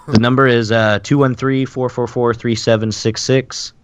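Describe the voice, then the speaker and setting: A man's voice: mid-range voice, level tone, unhurried, clear, resonant tone. A male podcast co-host in casual, rambling banter who swears freely.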